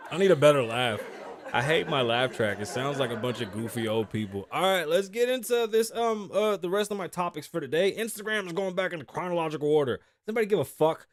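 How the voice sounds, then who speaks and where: A man's voice: a little high, lively intonation, quick pace, dry recording. A young man hosting a show from his studio in a casual, profane, joking chat, mimicking the voices of people in his stories. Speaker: podcast host. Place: home studio. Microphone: studio mic, live recording.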